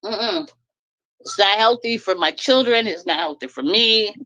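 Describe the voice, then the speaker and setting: A middle-aged woman talks bluntly and with a lot of feeling on a live stream. Her pitch leaps up when she is indignant, and she laughs between points. The sound is dry and close, with almost no room echo. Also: measured pace, vocal fry, lo-fi sound. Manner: blunt and animated, laughs often, swings high when indignant. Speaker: guest speaking on a live stream. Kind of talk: venting in casual live-stream chat.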